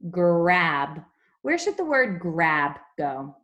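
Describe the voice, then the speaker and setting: A young woman leads a phonics lesson for small children on a video call. Her voice sits slightly low, and she explains each sound slowly and clearly, like a patient teacher. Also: big pitch swings, a bit bright. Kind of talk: online class phonics lesson.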